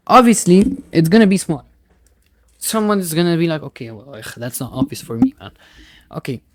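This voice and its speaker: A man's voice: fairly high pitch, darkish tone, dry recording. A male physics teacher walking through a recorded tutoring lesson step by step, often checking in with "right?" and "okay?" and slipping in Arabic words.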